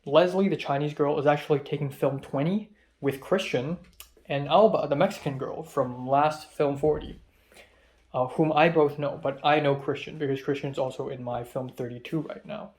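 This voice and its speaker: A young man, a native Cantonese speaker, with a slightly higher-pitched voice. He rambles through his story in a casual vlog style, filling pauses with ums and restarting sentences as he goes. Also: fairly even intonation, darkish tone. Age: young adult. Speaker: vlogger.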